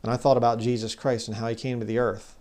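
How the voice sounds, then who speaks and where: Guy preaching casual bible study, chatty, gets louder reading verses. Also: mid-range voice, level tone, quick pace. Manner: conversational, rises loud when reading scripture; mocks legalists in put-on voices. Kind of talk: informal bible teaching.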